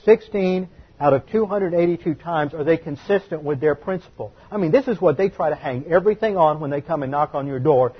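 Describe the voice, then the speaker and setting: A pastor delivers a teaching sermon in an emphatic, methodical way, spelling out terms and repeating figures so listeners can write them down. His voice is husky and on the high side, and the recording is dull and lo-fi.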